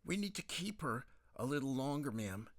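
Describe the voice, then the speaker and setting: A man voicing a courteous hospital doctor who speaks in measured, polite phrases. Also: mid-range voice, very animated, no echo. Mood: calm. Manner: measured, courteous, says ma'am.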